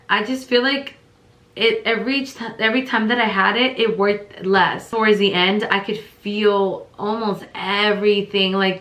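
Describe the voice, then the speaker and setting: Bright-voiced young woman telling a story. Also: mid-range voice, echoey room. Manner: rambling, many fillers, lively quoted voices. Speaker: vlogger. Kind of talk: casual storytelling.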